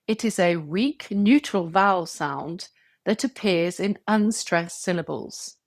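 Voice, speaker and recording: A woman giving a scripted English pronunciation lesson, clear and measured, stretching example words to show stress. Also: fairly low pitch, dry recording, clean studio sound. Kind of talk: scripted tutorial narration.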